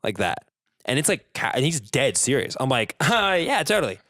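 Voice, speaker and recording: A man's voice: mid-range voice, animated, moderate pace, fairly bright tone, no room sound. Casual male podcast guest, storyteller who mimics people, dry close sound. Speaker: guest, jiu-jitsu competitor.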